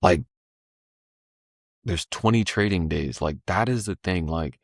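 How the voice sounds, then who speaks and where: A deep-voiced man chats casually as a podcast guest, loose and slangy as he tells his story. The sound is dry and close, with no room around it. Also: unhurried, vocal fry, no echo. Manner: laid-back slangy storytelling, animated when voicing the market.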